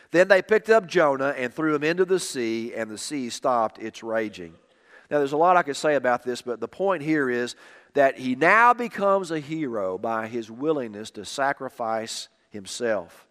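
A man preaching a sermon with emphatic, repeated phrases, dropping quiet on key lines. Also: mid-range voice. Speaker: pastor. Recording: long reverb of a hall.

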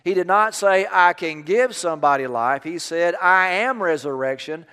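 Guy preaching a sermon, kinda high smooth voice, long church echo around him. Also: normal speed, bright, forceful tone. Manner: storytelling, rising to emphatic preaching. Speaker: pastor.

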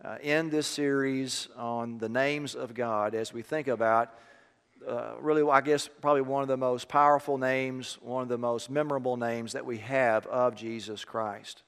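A man preaching a sermon, easing from a quiet personal story into emphatic preaching. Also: medium pitch, steady tone, normal speed, clean tone, long reverb tail. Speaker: pastor.

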